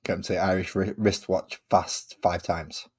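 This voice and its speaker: A man's voice: low voice, little pitch movement, moderate pace, darkish tone, slightly rough. Rambling Manchester man chatting while painting. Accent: Manchester English. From England. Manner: rambling, sings and hums to himself, repeats phrases, laughs at himself. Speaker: miniature painting streamer. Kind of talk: casual chat while painting.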